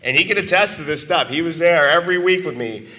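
A man's voice: on the high side, lively intonation, quick pace, bright, forceful tone. A man giving an earnest, emotional testimonial to a live audience, his voice worn from talking a lot. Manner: earnest and emotional, with emphatic asides. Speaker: business owner giving a testimonial.

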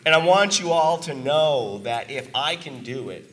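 A man's voice: fairly high pitch, lively intonation, a little slow. A man giving an earnest, emotional testimonial to a live audience, his voice worn from talking a lot. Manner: earnest and emotional, with emphatic asides. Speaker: business owner giving a testimonial.

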